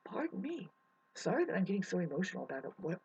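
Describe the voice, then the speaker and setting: A husky-voiced vlogger rants to camera outdoors by a mountain creek. The talk rambles, swears freely and runs hot with emotion. The sound is close and dry, with no room echo. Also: mid-range voice, sing-song, rapid-fire, darkish tone, lo-fi sound. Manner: emotional, profane, restless. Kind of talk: rambling ranting monologue to camera.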